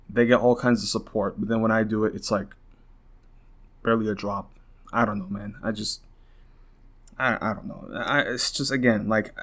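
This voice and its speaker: A young man hosting a podcast, venting in a rambling, frustrated rant full of swearing and restarts, worn out and close to tears. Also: medium pitch. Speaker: podcast host.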